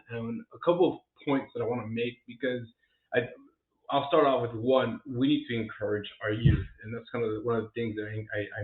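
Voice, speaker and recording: Earnest man, tinny echoey audio. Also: mid-range voice. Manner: earnest, encouraging, many fillers and restarts. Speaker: realtor vlogger. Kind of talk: casual vlog talk to camera. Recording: echoey room, tinny phone-like sound.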